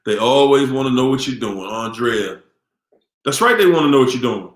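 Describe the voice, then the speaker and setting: A man's voice: medium pitch, lively intonation, moderate pace, echoey room. A man hosting a live question-and-answer stream, talking casually and animatedly to viewers, repeating himself and asking the audience questions in a preachy way.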